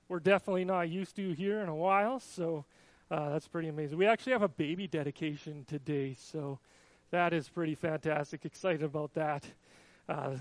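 A man's voice: on the high side, dry recording. A male pastor leading a baby dedication in a casual, chatty way with frequent restarts. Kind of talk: church service announcements and baby dedication.

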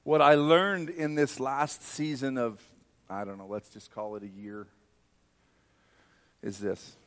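A man preaching a sermon with fervent, emphatic delivery. He speaks at an ordinary mid pitch and leans hard into each point of his testimony. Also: fairly even intonation, takes it slowly.

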